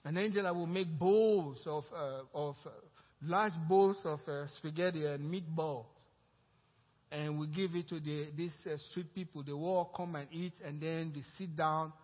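A pastor preaching a sermon, rising into loud emphatic passages and calling out to the congregation for responses. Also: male voice, fairly high pitch, fairly even intonation, a little slow. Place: church. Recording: reverberant church hall, dull lo-fi sound.

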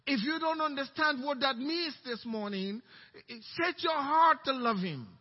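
Male pastor, very high voice, impassioned sermon, long hall reverb, dull muffled sound. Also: lively intonation, a little slow. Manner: impassioned, swings between loud exclamations and soft asides. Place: church sanctuary.

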